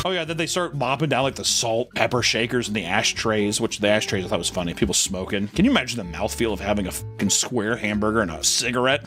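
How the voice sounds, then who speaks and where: A man's voice: mid-range voice, expressive, rapid-fire, few pauses, a bit bright, faint music behind. A man hosting a comedic reaction video, joking and swearing often and slipping into put-on voices. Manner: profane, jokey, slips into put-on voices.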